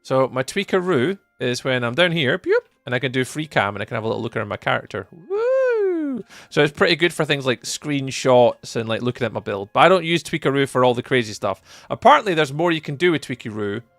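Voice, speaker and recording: A man's voice: lively intonation, quick pace, gravelly, few pauses, a bit bright, dry recording. A young Scottish man chatting casually on a live stream, reading and answering viewer messages. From Scotland. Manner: chatty, jumps high when greeting viewers. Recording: faint music behind.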